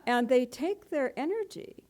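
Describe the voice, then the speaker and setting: A woman's voice: high voice, lively intonation, measured pace, a little mellow. A middle-aged woman, a spiritual teacher, giving a playful, conversational talk to a live audience and laughing often.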